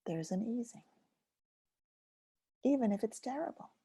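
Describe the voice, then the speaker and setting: An older woman hosting a live webinar, gently and reflectively answering chat questions as a focusing teacher, with a husky voice. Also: a little high, expressive, measured pace.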